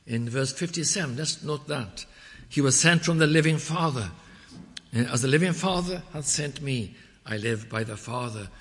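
A man preaching a measured expository sermon, quoting scripture in old English wording. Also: mid-range voice, a bit bright. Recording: long reverb of a church hall.

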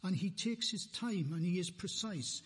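A man preaching a sermon in a church, slow and deliberate, repeating phrases for emphasis, with a husky voice. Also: sits high, animated, a bit bright, big-room sound.

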